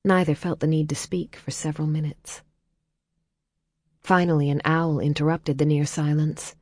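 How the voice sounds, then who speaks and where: A woman reading a novel aloud as audiobook narrator in a calm, measured way, dropping soft in tender passages. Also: low voice, no echo. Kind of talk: scripted narration.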